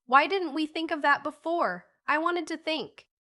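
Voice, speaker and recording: An excitable, bossy young boy from a storybook, read by a woman narrator. He speaks in a high, bright, forceful voice and keeps exclaiming and insisting. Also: unhurried. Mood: insistent. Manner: eager, exclaiming, raised voice. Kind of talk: audiobook character reading.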